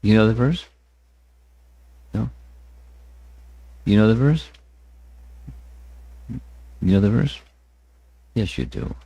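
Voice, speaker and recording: A man teaching a scriptural class, speaking deliberately, often repeating words and chanting verses with his listeners. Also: lowish voice, animated, dark tone, a little hiss or hum. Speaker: spiritual teacher. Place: temple hall.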